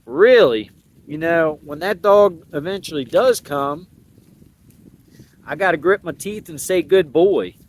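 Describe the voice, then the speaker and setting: A man's voice: a little high, lively intonation, unhurried, long pauses, slight background noise. A man talking casually outdoors about training his dogs, in a laid-back, rambling, folksy way with plenty of slang. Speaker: dog owner sharing training thoughts. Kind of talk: casual outdoor vlog talk.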